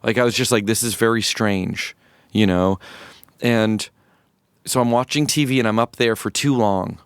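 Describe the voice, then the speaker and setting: A man in his fifties from rural North Florida, a musician guest telling a personal story in an interview, reflective and halting with many restarts. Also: medium pitch, clean tone, no room sound, clean studio sound. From rural North Florida, USA.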